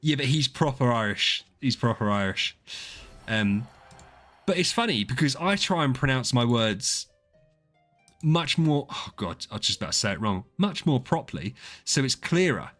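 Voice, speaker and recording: Brief: male streamer, casual rambling chat, animated rise and fall. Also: medium pitch, moderate pace, soft background music. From southeast England. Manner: chatty, rambling, swears, reads out viewer names. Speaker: game streamer.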